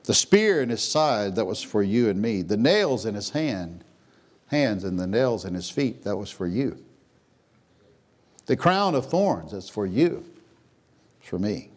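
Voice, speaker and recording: A pastor preaching a sermon in a church, swinging from hushed, slow lines to loud, high exclamations. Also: male voice, sing-song. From Texas. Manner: preaching with big swings, dropping to a hush then rising to a near shout. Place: church sanctuary.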